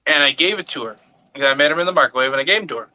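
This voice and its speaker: Bright high-voiced man telling a story. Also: rapid-fire, muffled recording. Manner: animated, acts out voices in anecdotes. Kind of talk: casual storytelling chat.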